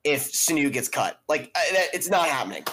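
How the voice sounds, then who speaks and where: A man's voice: a little high, big pitch swings, fairly quick, pushed and bright, a little hiss or hum. A young man co-hosting a casual sports podcast, emphatic and peppering his talk with "dude". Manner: emphatic, says "dude" a lot. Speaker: podcast co-host.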